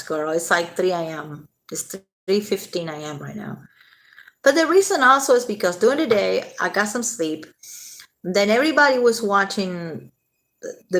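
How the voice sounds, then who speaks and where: Woman doing a late night stream, lowish gravelly voice, chatty and swears a lot. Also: fairly bright tone. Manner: chatty, swears freely, answers chat comments. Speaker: livestream host chatting with viewers. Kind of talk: casual late-night livestream chat.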